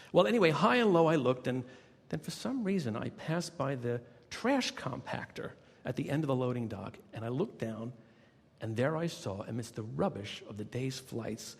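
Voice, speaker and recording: A man, a motivational speaker, telling a workplace anecdote in lively storytelling narration. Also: mid-range voice, gravelly, breathy edge. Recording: reverberant recording.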